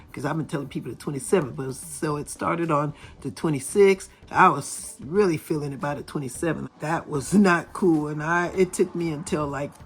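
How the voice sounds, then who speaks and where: Chatty woman with a slightly raspy voice. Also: low voice. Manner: chatty, talks straight to viewers. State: hoarse after a cold. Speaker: vlogger. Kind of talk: casual chat. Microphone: camera filming from overhead.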